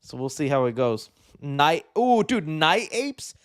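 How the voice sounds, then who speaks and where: A man hosting a live movie news show, chatting casually in an excitable, rambling way with many fillers. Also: on the high side, a little slow, clean tone. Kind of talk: casual live-stream chat.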